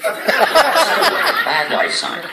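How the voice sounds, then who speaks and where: A man doing stand-up comedy through a text-to-speech device, with a posh synthetic voice and deadpan delivery. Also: high-pitched, slow. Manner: deadpan, evenly paced machine delivery. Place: cinema venue on stage before a laughing audience. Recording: echoey room, distant mic, loud noise.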